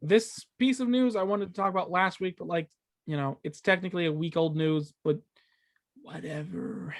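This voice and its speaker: A man's voice: sits high, fairly even intonation, a little fast. A man hosting a casual gaming podcast, rambling with lots of fillers and stumbling over his words, swearing when he loses track. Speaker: podcast host.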